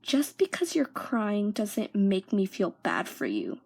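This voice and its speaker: A woman's voice: medium pitch, huge pitch swings, slow, a little mellow, slightly rough, heavily acted. A young woman voicing a stern, harsh schoolteacher who scolds coldly in a scratchy voice. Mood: scolding. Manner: cold, scolding.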